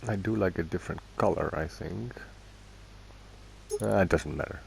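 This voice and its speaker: Deep gravelly man narrating gameplay. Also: moderate pace, slight background noise. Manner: thinking aloud, self-correcting, chatty. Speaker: gaming video host. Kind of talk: casual gameplay commentary.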